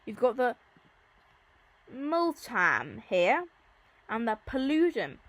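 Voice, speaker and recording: Woman teacher, casual revision lesson, enthusiastic and repetitive, slightly higher voice. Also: very animated, slow, fairly bright tone. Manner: chatty, enthusiastic, repeats key terms. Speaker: Latin teacher. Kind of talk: informal exam-revision lesson.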